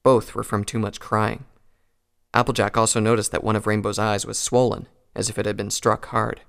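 A man reading a pony fan fiction story aloud in a calm, even storytelling voice. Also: fairly low pitch, moderate pace, vocal fry, clear, resonant tone. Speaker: narrator.

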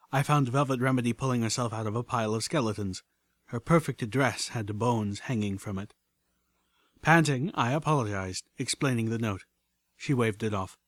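A man narrating a first-person adventure story in a steady, measured reading. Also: mid-range voice, no echo, clean studio sound. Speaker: audiobook narrator.

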